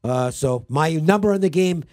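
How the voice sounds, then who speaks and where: A man co-hosting a casual sports-betting podcast, talking in quick bursts with halting restarts. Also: on the high side, expressive, a little mellow, no echo, studio quality. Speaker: podcast co-host and handicapper.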